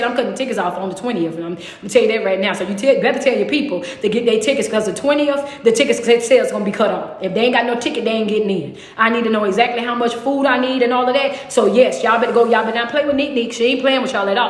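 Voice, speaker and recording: Animated high-voiced woman, echoey room. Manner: animated, talks straight to her audience. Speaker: motivational speaker. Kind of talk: live stream chat with viewers. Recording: echoey room with long reverb.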